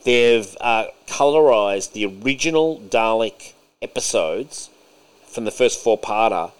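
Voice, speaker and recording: A man with a lowish voice rants sarcastically through a casual podcast conversation. He swears freely and mocks his topics with heavy irony. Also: expressive, measured pace, smooth. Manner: ranting, sarcastic, puts on mocking voices. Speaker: podcast co-host.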